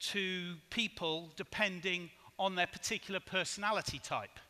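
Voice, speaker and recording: A man giving a conference keynote in a hotel hall, measured and asking the audience rhetorical questions. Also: high-pitched, bright, forceful tone. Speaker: conference speaker. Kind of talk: keynote presentation. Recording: hall reverb.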